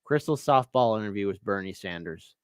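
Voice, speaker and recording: A man's voice: on the low side, animated, fairly quick, clear, resonant tone, dry recording, clean studio sound. A man appearing as a guest on a political talk show, making earnest, building arguments. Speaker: guest commentator. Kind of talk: political discussion.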